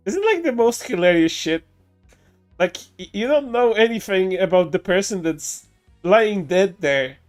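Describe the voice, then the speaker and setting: Laughing, cursing male streamer, higher voice. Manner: profane, laughs often, stammering restarts. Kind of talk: casual reaction commentary.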